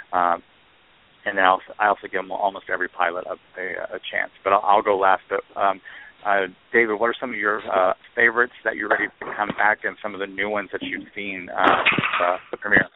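A man hosting a casual chat show, rambling with many fillers and restarts. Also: on the low side. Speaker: podcast host. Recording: tinny phone-line sound.

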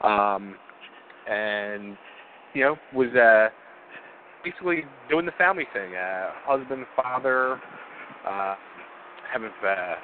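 A man, a former wrestler, calling in as a guest and talking in a laid-back, friendly way with halting restarts. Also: mid-range voice, a little hiss or hum. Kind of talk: casual phone interview. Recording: tinny phone line.

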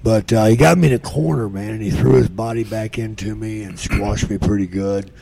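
A gravelly older man drawls through a profane story, his voice sitting low. He acts out the other people's lines with a faint background hum under him. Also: brisk. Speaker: guest. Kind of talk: casual storytelling.

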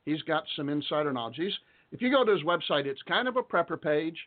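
A man's voice: fairly high pitch, lively intonation, fast. A middle-aged man from Texas hosting an internet talk radio show in a rambling, folksy way, with chuckles and asides. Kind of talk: casual talk radio monologue. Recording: phone-like internet radio audio.

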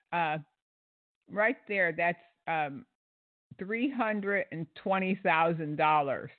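Indignant, sarcastic male commentator with a high voice, dry tinny phone-like audio. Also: no echo. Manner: indignant, sarcastic, hesitant with fillers. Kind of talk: critical commentary on a clip.

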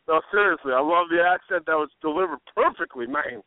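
Excitable man on a phone line. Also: on the high side, no echo. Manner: enthusiastic, quick to laugh and praise. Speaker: podcast host. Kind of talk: casual chat. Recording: dry tinny phone line.

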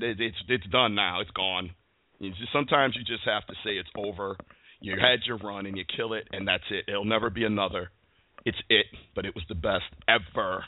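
A man's voice: fairly low pitch, slight background noise. A man from Connecticut hosting a call-in sports talk show, ranting in a fired-up, emphatic way and repeating his phrases. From Bristol, Connecticut, USA. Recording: tinny phone-line sound, dry.

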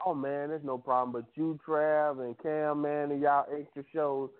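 A man's voice: on the high side, level tone, moderate pace, clean tone. A man calling in to a show, chatting in a laid-back, slangy way with restarts. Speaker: caller. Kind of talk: casual call-in chat. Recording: phone call line.

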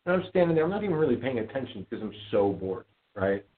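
Animated ranting man on tinny audio. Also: mid-range voice, fast. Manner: animated ranting storyteller, gets loud and indignant. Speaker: podcast host. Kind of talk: casual call-in show chat.

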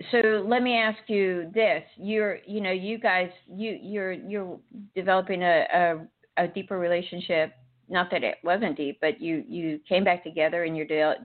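A woman hosting a casual chat, telling lively stories and acting out dialogue with laughter. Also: fairly low pitch. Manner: animated storyteller, acts out dialogue with laughter. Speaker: host. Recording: tinny phone line.

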